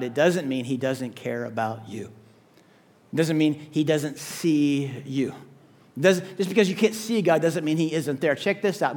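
A man preaching a sermon, animated, acting out quoted voices and dropping to soft low asides. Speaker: pastor.

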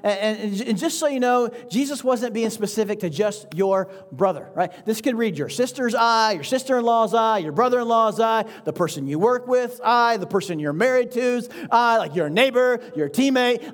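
A man with a notably high voice preaches a sermon in an easygoing, conversational way. He keeps checking in with his listeners with a quick "right?" and lets small chuckles slip between his points. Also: animated. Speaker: pastor.

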